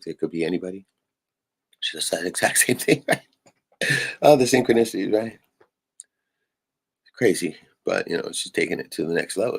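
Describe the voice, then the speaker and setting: A man's voice: low voice, creaky. A man on a live stream venting in a rambling way, swearing often and tagging "right?" onto his sentences. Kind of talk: casual venting monologue.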